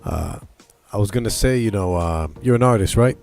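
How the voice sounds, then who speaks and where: A male host asking a guest questions, energetic and fond of citing facts and figures. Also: fairly low pitch, normal speed, soft background music. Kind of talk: interview questions.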